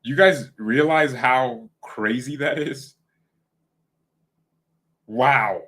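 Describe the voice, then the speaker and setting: Speaking very slowly with a medium-pitched, fairly bright voice, a man hosts casual livestream chat for a fan channel. He meanders, fixes his own slips, and keeps joking.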